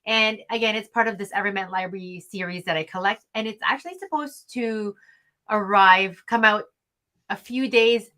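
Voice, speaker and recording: A woman chats casually on a podcast, eager and talkative. Her voice is bright and crisp, set at an ordinary pitch. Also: moderate pace. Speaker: podcast co-host. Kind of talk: casual chat.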